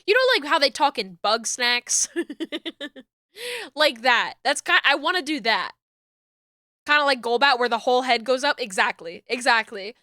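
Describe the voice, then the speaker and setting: A young woman on a live stream talks casually and excitably, laughing often and trailing through fillers. Her voice sits a little high, with a bright, smooth, crisp tone, and the sound is dry and close. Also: moderate pace, no room sound. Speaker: streamer rigging an animated model.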